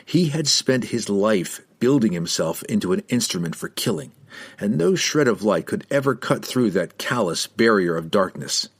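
A man reading a fantasy novel aloud in a measured, dramatic storytelling manner. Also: lowish voice, lively intonation, husky. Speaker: audiobook narrator. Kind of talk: scripted fantasy narration.

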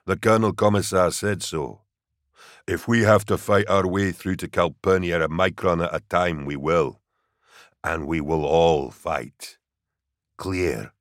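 Man doing a hulking soldier, deep growl, slow flat menace, very low voice, dry close audio. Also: dry recording. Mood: stern. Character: huge brutish male soldier, calm and menacing.

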